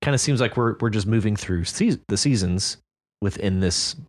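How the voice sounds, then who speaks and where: A man's voice: on the low side, animated, moderate pace. Chill guy cohosting a story podcast, voice goes up and down a lot, says yeah a ton. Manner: laid-back, agreeable, many fillers. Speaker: podcast co-host. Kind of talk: casual discussion of listener stories.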